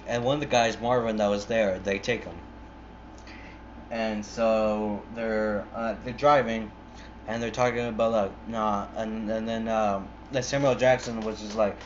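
A man's voice: on the low side, a little hiss or hum. A young man casually retelling a movie plot in a rambling, profane way, full of "like" and restarts. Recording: muffled lo-fi recording.

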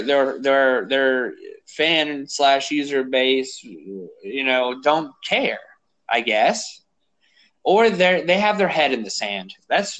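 A man's voice: fairly bright tone, rough recording. A male podcast host in casual political talk, profane and ranting, his voice climbing when he gets worked up. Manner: profane, ranting, rising pitch when angry.

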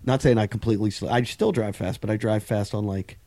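A middle-aged man with a lowish voice talks casually into a podcast mic. He tells an animated, profanity-laced story and acts out the other voices. The sound is close and dry, with no room echo. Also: a little fast. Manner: swearing, animated storytelling with acted quotes. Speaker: podcast host. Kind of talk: casual chat.

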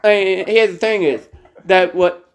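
A man co-hosting a casual podcast, speaking slowly with constant "like" and "uh" fillers. He stumbles through a news story and restarts his thoughts often. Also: high voice. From United States. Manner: halting, heavy on fillers like "like" and "uh". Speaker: podcast co-host. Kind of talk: casual chat, reading a news story aloud.

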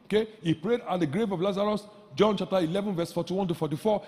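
A male pastor delivers a sermon with a high voice, hammering phrases again and again and pushing up into shouts. His voice rings out with a long reverb that fills a church hall. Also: expressive, fairly quick, few pauses. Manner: emphatic, repeats phrases, rises to shouts.

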